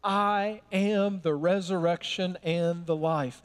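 A solemn, gentle male teacher speaks quietly and earnestly, as a preacher puts him on. The voice is fairly high. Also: steady tone, slow, clean tone.

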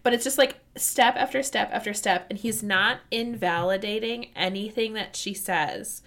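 Woman, casual chat, lively, laughs a lot, acts out quotes. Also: mid-range voice. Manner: animated, quick to laugh, acts out quoted dialogue. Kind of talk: casual chat retelling a book scene.

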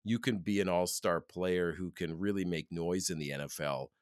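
A man from Canada co-hosting a casual football talk show. His delivery is excitable and animated, with frequent laughs and sudden jumps up in pitch. The sound is dry and close. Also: moderate pace, no room sound. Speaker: podcast co-host. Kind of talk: casual sports chat.

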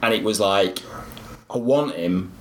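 A man's voice: lowish voice, measured pace. Guy chatting boxing on a podcast, chatty, laughs a lot. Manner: chatty, laughs often, animated storytelling. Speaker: podcast co-host. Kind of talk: casual chat.

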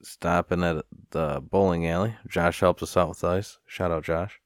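Low-voiced man, rambling profane vlog rant, dry close sound. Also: fairly even intonation, moderate pace, dry recording. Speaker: vlogger. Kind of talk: casual storytelling rant.

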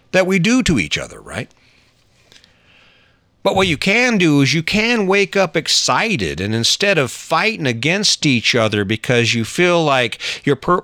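Brief: middle-aged man, earnest relationship talk, bright tone, dry close sound. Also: on the high side, dry recording. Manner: earnest, conversational, with frequent restarts and asides. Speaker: relationship advice speaker. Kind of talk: personal storytelling and advice monologue.

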